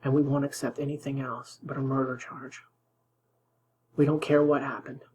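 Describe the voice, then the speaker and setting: A man's voice: medium pitch, flat delivery, normal speed, a little mellow, slight background noise, low-quality recording. A man hosting political commentary, reacting indignantly to news clips, sometimes dropping to a whisper for emphasis.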